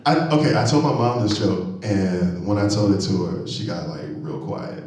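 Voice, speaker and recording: A man doing a stand-up comedy set on stage, animated and loud on punchlines, laughing at his own jokes. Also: fairly low pitch, measured pace. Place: comedy venue stage, live audience. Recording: very echoey hall, mic from far off.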